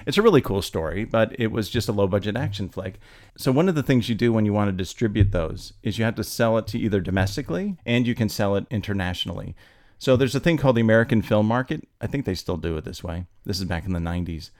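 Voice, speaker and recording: A man who writes screenplays, chatting casually and telling anecdotes with lively energy. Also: fairly low pitch, fast. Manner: animated storyteller, acts out quotes. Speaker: screenwriter guest. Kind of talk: casual storytelling chat.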